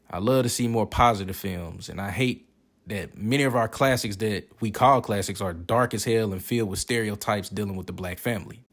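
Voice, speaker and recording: A man giving casual, joking and profane commentary while reviewing movies. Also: lowish voice. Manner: profane, joking, animated reactions.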